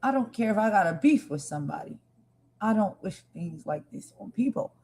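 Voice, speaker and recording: Addressing her viewers directly, a woman hosting a livestream delivers earnest, impassioned, emotional commentary. She speaks briskly at a medium pitch with lively intonation, and her voice is creaky, husky and a little mellow.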